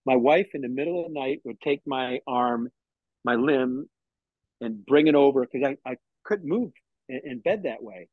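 A man's voice: mid-range voice, moderate pace, no room sound. Middle-aged man, interview guest, storytelling, dry, muffled sound. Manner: storytelling, quoting others, frequent restarts.

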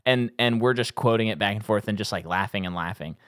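A man co-hosting a casual movie podcast, telling a long funny story and acting out movie lines in sudden high voices. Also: fast talker, fairly bright tone, no room sound, studio quality. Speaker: podcast co-host.

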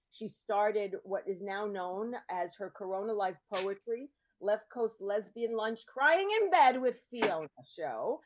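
A woman hosting and producing a podcast, introducing guests in a chatty, rambling way with lots of ums. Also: medium pitch. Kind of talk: casual chat show introductions.

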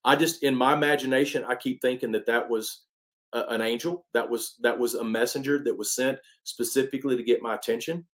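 A man tells his story to an interviewer with real energy, leaning hard on key words and restarting his sentences. His voice sits at an ordinary middle pitch for a man. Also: brisk. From East Texas. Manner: animated, emphatic storyteller with many restarts. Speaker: interview guest, country singer. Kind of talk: casual storytelling.

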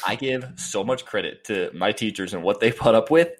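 A man co-hosting a podcast, telling stories in an animated, self-mocking way. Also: fairly low pitch, moderate pace. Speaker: podcast co-host. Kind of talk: casual podcast chat.

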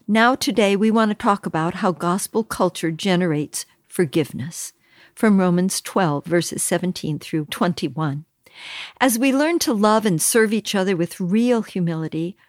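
A woman leads a Bible study lesson, unhurried and earnest, placing each phrase with care. Her voice is mid-pitched and recorded close and dry, with no room sound. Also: no echo. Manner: slow, measured, earnest delivery. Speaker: Bible teacher.

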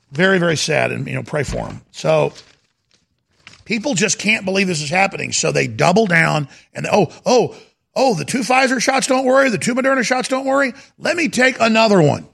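A male talk show host rants in heated, emphatic commentary. His voice sits high and sounds very gravelly. It comes across forceful and husky. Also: big pitch swings, moderate pace. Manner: heated, emphatic, repeats himself. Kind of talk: agitated talk radio commentary.

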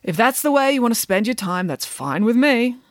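A woman's voice: a little high, lively intonation, brisk, dry recording, clean studio sound, pitched above the performer's own voice, close to an everyday voice. A woman voicing a grumpy, vain male art teacher who talks in a brusque, dismissive way, read in a storybook. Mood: gruff.

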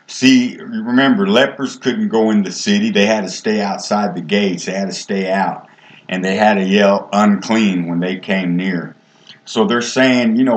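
A man's voice: fairly low pitch, a little slow, echoey room. A man teaching a casual Bible study, reading scripture aloud and then retelling it in plain everyday speech.

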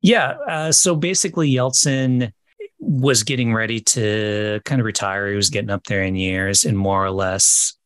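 A man's voice: lowish voice, a bit bright, dry recording. A man co-hosting a casual history podcast, explaining events steadily and correcting himself now and then. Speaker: podcast co-host.

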